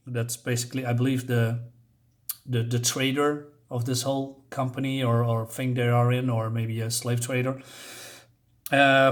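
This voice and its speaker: A man casually reviewing a comic book, paging through it while pausing often to search for words. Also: medium pitch, flat delivery. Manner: halting, searches for words, many fillers.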